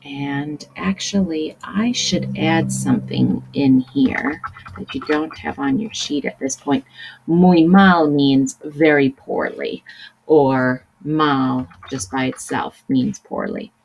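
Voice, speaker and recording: Slow, low-voiced woman teaching a lesson. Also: very animated, creaky, a little mellow, a little hiss or hum, poor audio. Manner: patient, explanatory, switching between English and Spanish examples. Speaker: Spanish teacher. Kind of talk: recorded classroom lesson.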